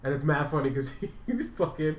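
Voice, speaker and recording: A man's voice: on the high side, animated, moderate pace. A man co-hosting a podcast in casual chat, who rambles, swears freely, and laughs at his own stories. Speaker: podcast co-host. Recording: echoey room with faint noise.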